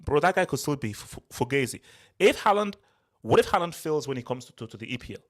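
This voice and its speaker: A man hosting a casual football chat, excitable and repeating himself. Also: fairly high pitch, fast. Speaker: show host.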